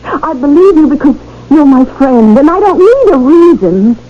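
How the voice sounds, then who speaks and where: An actress playing an animated woman friend with spy theories in a 1970s radio drama. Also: high-pitched, slight background noise. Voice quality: quick, animated. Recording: dull old radio broadcast.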